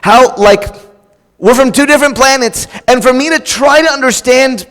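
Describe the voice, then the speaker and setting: A middle-aged man preaching with a notably high voice, his words trailing into the long reverb of a church hall. He talks casually and with animation, slipping into raised voices to act out quarrelling spouses. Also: normal speed, fairly bright tone. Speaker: pastor. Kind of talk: sermon.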